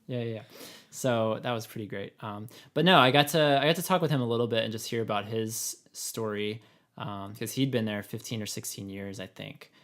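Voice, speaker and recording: A man with a raspy voice, co-hosting a podcast in casual, rambling chat full of fillers. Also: lowish voice, a little fast. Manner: rambling, many fillers and laughs. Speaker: podcast co-host.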